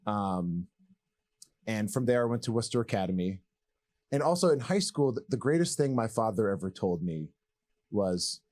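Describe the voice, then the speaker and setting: Speaking at a normal speed in a lowish voice, this Massachusetts man in his thirties recounts his life as an ex-pro basketball player. As a guest he's animated and candid, rambling casually and cracking jokes.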